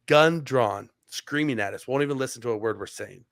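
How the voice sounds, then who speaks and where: A man's voice: medium pitch, brisk, creaky, dry recording, studio quality. A man on a podcast telling a long story casually, with many "like" fillers and restarts. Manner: rambling, heavy on "like" fillers and restarts. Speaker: podcast co-host.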